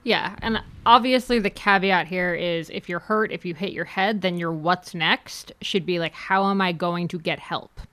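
A woman's voice: on the low side, moderate pace, few pauses, a bit bright. A woman co-hosting a podcast in a casual chat, emphatic and teasing. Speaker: podcast co-host and author.

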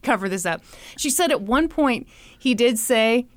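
A young woman hosting a podcast, telling a true crime story in an animated, chatty way full of "like" and "you know". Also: on the high side, normal speed, dry recording. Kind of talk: casual storytelling chat.

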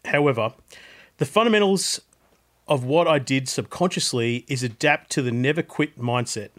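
A man's voice: mid-range voice, normal speed, a bit bright, natural voice. A man reading a listener's story in a put-on Australian accent, voicing a blunt ex-mechanic turned salesman. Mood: earnest.

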